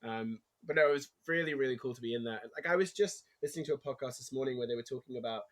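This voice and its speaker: An English man speaks casually as a guest in an interview. His voice sits at an ordinary middle pitch. He tells stories with energy and often acts out what people said. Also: very fast. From England. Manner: animated storytelling, acts out quotes, laughs easily. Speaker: actor guest.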